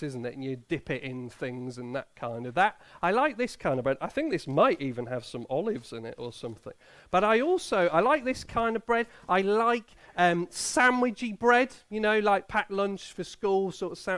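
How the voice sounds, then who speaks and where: Chatty high-voiced preacher. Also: male voice, a bit bright. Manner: chatty and playful, quizzing the children and the congregation. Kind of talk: Bible reading and children's talk in a church service.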